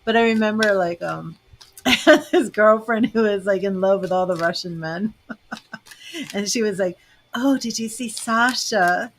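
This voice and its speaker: A woman's voice: medium pitch, normal speed. Chatty middle-aged woman. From Boston, Massachusetts. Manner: chatty and rambling, laughs often. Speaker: tarot reader and psychic host. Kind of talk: casual livestream chat with viewers.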